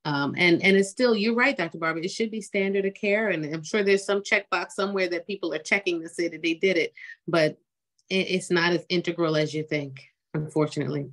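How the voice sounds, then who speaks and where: A woman's voice: on the low side, a little fast, a bit bright. A woman doctor on a talk show panel, speaking earnestly and conversationally about patient care. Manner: earnest, conversational, repeats words when starting. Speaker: breast cancer doctor.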